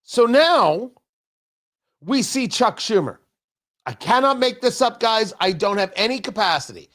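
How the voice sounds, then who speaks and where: A man's voice: high-pitched, animated, measured pace, fairly bright tone. A man hosting a political talk show from a studio, talking in an indignant, mocking and emphatic way. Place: radio studio.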